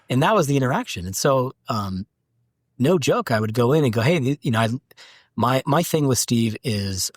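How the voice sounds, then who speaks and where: A man's voice: mid-range voice, no room sound, clean studio sound. A man guest on an interview podcast, talking candidly and acting out quotes as he tells stories. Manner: candid storytelling, acts out quotes. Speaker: manufacturing director, guest. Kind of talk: casual interview talk.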